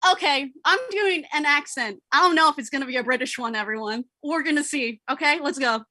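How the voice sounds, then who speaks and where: A young woman chats off-script during a livestreamed reading, flustered, giggly and quick to poke fun at herself. Her voice is high and bright. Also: no echo. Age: young adult. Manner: giggly, flustered, self-mocking. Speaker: volunteer reader. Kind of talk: casual chat between readings.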